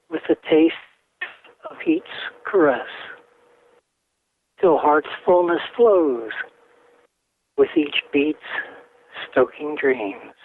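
Slow talking guy on a crackly phone line reading a poem, voice on the high side. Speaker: caller. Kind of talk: poetry recitation. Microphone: telephone. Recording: tinny phone line with faint hiss.

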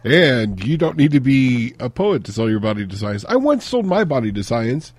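Male host, low, husky, wisecracking, lively delivery. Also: moderate pace, dry recording. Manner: wisecracking, playful. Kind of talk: joking radio banter.

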